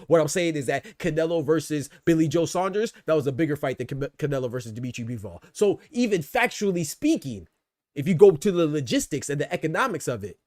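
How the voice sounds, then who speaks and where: A man's voice: fairly high pitch, a little mellow, dry recording, studio quality. A man hosting a casual livestream, arguing his points and answering chat, repeating phrases to press them home. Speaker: boxing talk show host.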